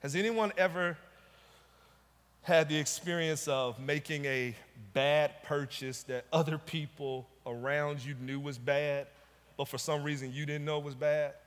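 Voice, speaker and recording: A male pastor preaches with a notably high voice, leaning hard on repeated rhetorical questions. His delivery is emphatic and pointed. The sound rings out with the long reverb of a large church sanctuary. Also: steady tone, measured pace. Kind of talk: sermon.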